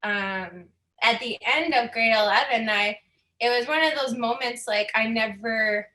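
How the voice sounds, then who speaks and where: Bright-voiced woman telling her story. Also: fairly high pitch, a little slow, reverberant. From Saskatchewan, Canada. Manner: candid, chatty, laughs often, emotional at times. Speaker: guest speaker. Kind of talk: personal storytelling talk.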